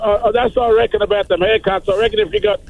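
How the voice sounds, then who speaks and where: An Australian man calling in to a radio show, talking in a halting, rambling way. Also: high voice, steady tone, vocal fry, phone-quality sound. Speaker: caller. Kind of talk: phone-in chat.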